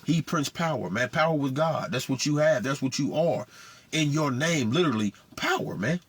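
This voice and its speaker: Husky, slightly high male preacher; informal scripture teaching in street slang. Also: animated, normal speed, dry recording. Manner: street talk, says "man" constantly.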